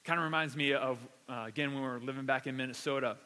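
A man's voice: medium pitch, fairly even intonation, fast, pushed and bright, big-room sound. A man preaching a conversational sermon. He tells stories casually and animatedly, repeating words as he goes. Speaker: pastor. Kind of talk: conversational sermon with personal story.

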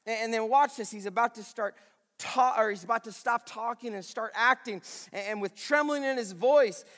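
A pastor with a very high voice preaches a sermon a little fast, animated and emphatic. He repeats his phrases, swinging from loud exclamations to hushed intensity, and a long reverb tail trails his words.

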